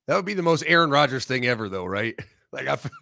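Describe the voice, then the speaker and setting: A man co-hosting a casual sports talk show, blunt and profane, giving animated opinions. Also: medium pitch, quick pace, vocal fry.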